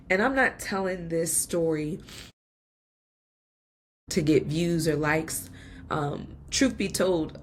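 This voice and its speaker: A woman's voice: low-pitched, slight background noise. A woman podcast host giving an earnest, emotional personal faith testimony, laughing now and then between lines.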